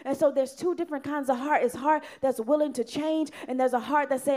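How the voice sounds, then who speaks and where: Casting: woman preacher, high voice, earnest sermon with loud rises and soft drops. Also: fairly quick, hardly any pauses.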